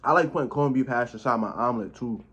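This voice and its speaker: A young mukbang vlogger eats a meal while chatting casually to the camera, his talk loose and slangy and sometimes muffled by a mouthful of food. His voice is medium-pitched, a little bright and husky, he speaks fast, and the sound quality is lo-fi.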